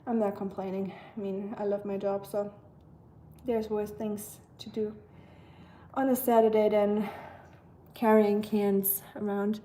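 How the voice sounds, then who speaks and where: A woman's voice: mid-range voice, little pitch movement, a little slow, dark tone, a little hiss or hum. A young German woman hosting a casual livestream, chatting with viewers and rambling with lots of fillers, sounding tired. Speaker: livestream host. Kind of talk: casual livestream chat reading comments.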